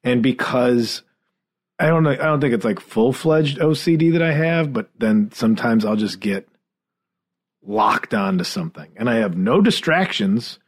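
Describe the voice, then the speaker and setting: A man co-hosting a podcast who teases with quick questions and rambles through his own stories, often restarting his sentences. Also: mid-range voice, animated, breathy edge. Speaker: podcast co-host. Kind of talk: casual chat.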